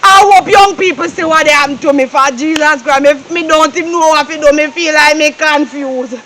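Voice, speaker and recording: A woman playing a frantic, very high-voiced Jamaican young woman. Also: fairly even intonation, fairly quick, noisy background, close to an everyday voice. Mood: distraught. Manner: pleading, tearful, then shouting. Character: frantic young woman torn between two men. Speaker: actor in a Jamaican drama. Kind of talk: low-budget drama acting.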